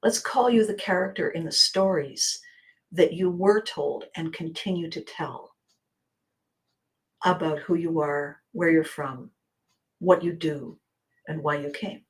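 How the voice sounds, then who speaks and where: Lower-voiced woman host, animated storyteller who acts out scenes and slips into quiet asides. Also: slow pace, pauses often. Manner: laughs often, drops to quiet asides. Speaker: podcast host and coach. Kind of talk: storytelling monologue.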